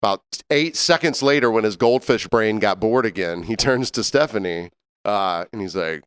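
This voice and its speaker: Male co-host, animated storyteller, smooth resonant voice recorded dry. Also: on the low side, moderate pace, no echo. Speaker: podcast co-host and bartender. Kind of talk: casual storytelling chat.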